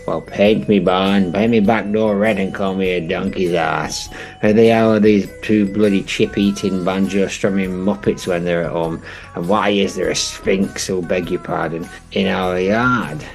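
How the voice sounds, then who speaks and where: A cranky old man grumbles and swears his way through a phone game in a gruff, lowish voice, as a man acts him out. His rants come in a comedy podcast sketch, with faint music behind him. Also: fairly even intonation, normal speed, a little mellow. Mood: baffled. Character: grumpy old northern man who hates apps.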